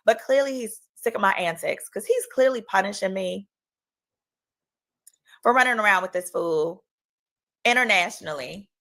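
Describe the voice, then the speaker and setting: A woman telling a story in an animated, joking way. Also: medium pitch, moderate pace, long pauses. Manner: animated, joking, acts out quotes. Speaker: reality show guest. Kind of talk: storytelling chat.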